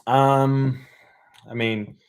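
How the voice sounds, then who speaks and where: A man's voice: medium pitch, fairly even intonation, extremely slow, a little hiss or hum. A young man from Alabama, a podcast guest in casual interview chat over a remote call, easygoing and thinking aloud with many fillers.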